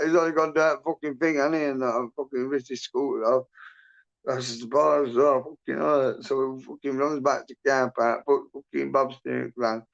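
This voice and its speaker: A man's voice: mid-range voice, gravelly, highs cut off. A man hosting a livestream, telling a rambling story in casual chat, swearing constantly and laughing as he goes. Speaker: livestream host.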